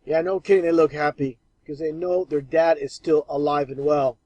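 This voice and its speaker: A man's voice: fairly high pitch, fairly even intonation, normal speed, warm tone, no echo, lo-fi sound. A man giving scornful, emphatic commentary over archive clips.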